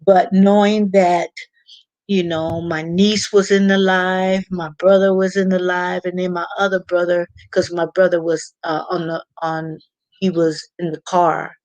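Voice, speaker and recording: Slow-talking woman chatting on a livestream. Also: on the low side, flat delivery, darkish tone, no echo. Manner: chatty, halting, repeats words while reading chat. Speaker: YouTube livestream host. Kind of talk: casual livestream chat.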